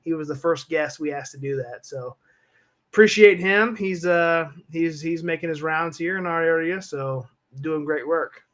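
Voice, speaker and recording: A man's voice: a little high, measured pace, fairly bright tone. A man co-hosting a live wrestling podcast, speaking in an easygoing way with frequent fillers. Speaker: podcast co-host. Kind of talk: casual live-stream chat.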